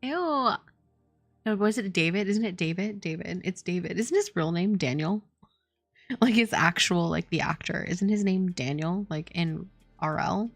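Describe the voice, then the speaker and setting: A woman game developer talks her way through her work on a stream, slow and unhurried, with a gravelly, creaky edge to her voice. Her chat is casual and rambling, full of "like" and little giggles. The sound is dry and close, with soft music faint behind her. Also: lowish voice, dry recording.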